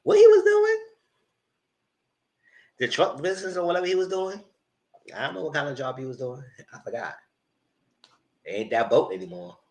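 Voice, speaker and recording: A man giving a live recap of a reality show, retelling scenes in an animated way and acting out what the cast said. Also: medium pitch, fairly quick, pauses often. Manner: animated retelling, acts out cast members' lines. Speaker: show reviewer.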